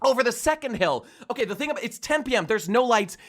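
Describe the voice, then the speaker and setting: A man on a comedy podcast, telling a mock-patriotic story and breaking into shouted singing. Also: extremely high pitch, lively intonation, quick pace. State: hoarse from shouting. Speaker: podcast host.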